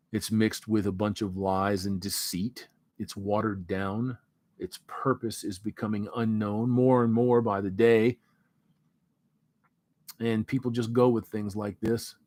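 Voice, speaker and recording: A man hosting a casual livestream, reading out viewer comments in a relaxed, rambling way before sliding into an earnest pep talk. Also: medium pitch, no echo, clean studio sound. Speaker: livestream host.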